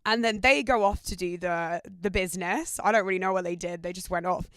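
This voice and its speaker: A woman's voice: lowish voice, a little fast, fairly bright tone, clean tone, no echo. A young British woman hosting a podcast, telling candid stories in a casual, sweary way with lots of "like". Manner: candid, sweary, heavy use of "like". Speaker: podcast host. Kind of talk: casual storytelling chat.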